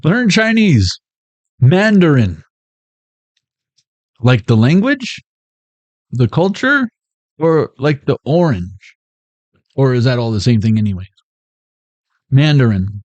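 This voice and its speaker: A man's voice: medium pitch, big pitch swings, a little slow, pauses often, a little mellow, dry recording, lo-fi sound. A man hosting a casual tarot reading vlog, full of playful jokes and asides. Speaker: tarot reader.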